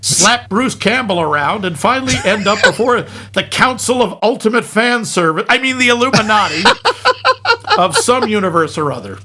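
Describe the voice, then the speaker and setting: A man's voice: high-pitched, sing-song, normal speed, sharp tone. A man co-hosting a podcast, recapping a film with joking fake slips and corrections. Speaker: podcast co-host. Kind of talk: comedic movie recap.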